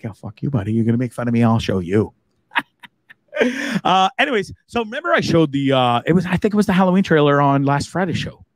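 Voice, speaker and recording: A man hosting a live stream from home, chatting casually and laughing through his jokes. His voice sits a bit high and leaps all over the place, and he swears freely. The sound is dry and close. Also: dry recording. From Canada, Hamilton region. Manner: jokey, animated, swears freely, laughs often.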